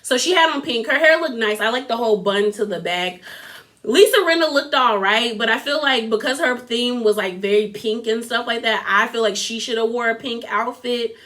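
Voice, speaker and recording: Young woman, casual vlog recapper, rambling and filler-heavy; slightly high, bright voice. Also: normal speed. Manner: chatty, lots of filler "like", quotes people in a put-on voice. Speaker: reality TV recap vlogger.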